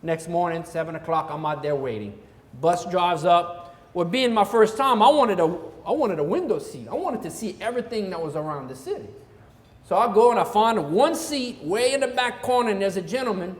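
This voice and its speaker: A man's voice: high voice, expressive, a little fast, roomy sound, in a large hall. A man with a Cajun accent from Louisiana, telling a comic story on stage in a folksy way. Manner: folksy, repeats "I said" as he tells the story. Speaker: comedian. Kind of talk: stand-up storytelling.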